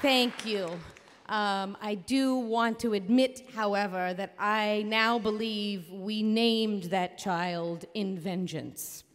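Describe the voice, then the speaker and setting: A woman hosting a live storytelling show and telling a story on stage into a microphone, in an animated, comic, blunt and profane way. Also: mid-range voice, slow, a faint crowd. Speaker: storyteller and host. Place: theater stage before a live audience. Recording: reverberant live theater hall.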